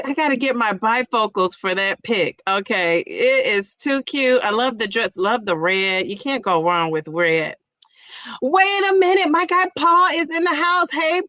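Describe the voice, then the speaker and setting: A woman's voice: a little high, fairly bright tone, no echo. Bubbly woman hosting a livestream. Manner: bubbly, playful, laughs at her own jokes. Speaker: livestream host greeting viewers. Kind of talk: casual livestream chat.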